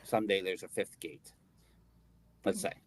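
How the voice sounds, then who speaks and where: A man's voice: deep voice, moderate pace. A man co-hosting a casual podcast chat, rambling and jokey, often restarting his sentences. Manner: rambling, self-interrupting, jokey. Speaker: podcast co-host.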